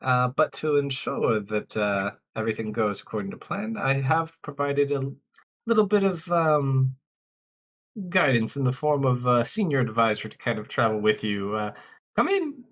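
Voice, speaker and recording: A man's voice: mid-range voice, sing-song, a bit bright. A man voicing a fussy, formal guildmaster. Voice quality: halting, full of ums and uhs.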